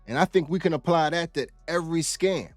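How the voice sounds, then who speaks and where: A man's voice: fairly high pitch, brisk, no room sound, faint music behind. A male host giving casual commentary on a clip in a folksy, conversational way. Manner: folksy and conversational, uses y'all.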